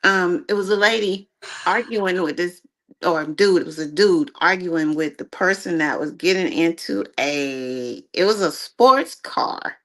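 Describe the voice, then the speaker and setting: A woman's voice: fairly low pitch, a little slow, a bit bright. A woman co-hosting a casual talk show, speaking emphatically and with strong opinions. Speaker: podcast co-host. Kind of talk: casual chat.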